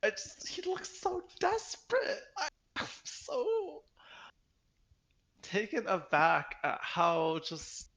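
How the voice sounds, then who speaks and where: A man's voice: huge pitch swings, slow pace, creaky, fairly bright tone. A man co-hosting a podcast, chatting casually and sounding exasperated and amused. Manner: exasperated and laughing, jumps high in pitch when amused. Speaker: podcast co-host reviewing webcomics. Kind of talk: casual chat.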